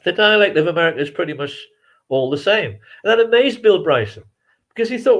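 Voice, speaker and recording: This Englishman, a filmmaker appearing as a guest, gives long, reflective interview answers that ramble, with frequent restarts and chuckles. His voice is on the high side, swings widely in pitch, and moves fairly quickly.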